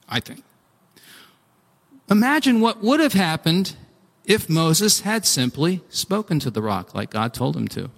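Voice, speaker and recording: A man preaching a sermon, animated and acting out pleas, with frequent restarts. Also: mid-range voice, gravelly. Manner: animated, acts out pleading voices, restarts often. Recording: long hall reverb.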